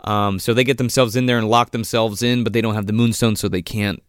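A man's voice: lowish voice, fairly quick, clear, resonant tone, no room sound, studio quality. A man co-hosting a podcast, casually recapping a movie plot with lots of swearing and acted-out quotes. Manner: profane, animated, acts out quotes in voices. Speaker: podcast co-host.

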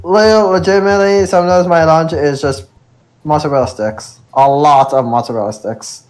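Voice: mid-range voice, fairly even intonation, moderate pace, darkish tone. A podcast co-host in casual chat, reading out restaurant names one by one with lots of hesitation. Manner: reads out restaurant names, hesitant with many uhs.

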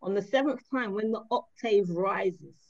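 A woman's voice: mid-range voice, a little slow, creaky, lo-fi sound. A woman guest on a parenting panel, chatting casually and acting out scenes with her children. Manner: animated, acts out her kids and herself. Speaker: guest, author and mother.

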